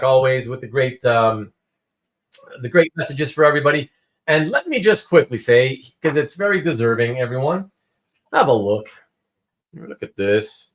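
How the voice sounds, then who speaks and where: A man with a high, very lively voice hosts a relaxed live stream from home. He chats with viewers by name and tells stories in an animated way, voicing each person's lines as he goes. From Canada. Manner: animated storytelling, acts out quotes. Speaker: host.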